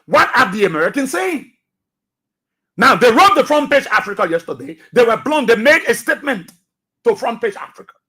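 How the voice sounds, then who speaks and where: A man's voice: very high-pitched, big pitch swings, a little fast, pushed and bright, slightly rough. A man with a Liberian English accent hosting a radio talk show, delivering emphatic commentary with repeated phrases and rhetorical questions. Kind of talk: commentary monologue. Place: radio studio.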